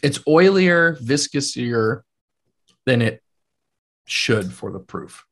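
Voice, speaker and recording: Casual male co-host, relaxed and profane, filler-heavy chatter about sports and drinks. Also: medium pitch, slow pace. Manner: laid-back, profane, uses lots of fillers like "like" and "man". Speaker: podcast co-host. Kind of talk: casual chat about sports and whiskey tasting.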